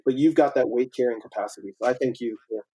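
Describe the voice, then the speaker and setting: A man talking as a podcast guest in an earnest, animated way, laughing often. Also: mid-range voice, quick pace, husky, low-quality recording. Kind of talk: casual conversation.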